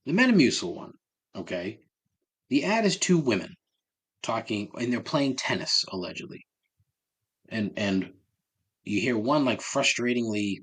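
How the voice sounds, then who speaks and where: A man's voice: fairly low pitch, a bit bright, slightly rough. A man hosting a solo podcast, ranting with sarcasm and heavy swearing. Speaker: podcast host.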